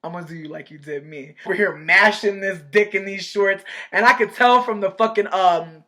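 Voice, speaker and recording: A woman vlogger telling a storytime in a casual, animated, profane way, acting out quoted voices. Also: mid-range voice, normal speed.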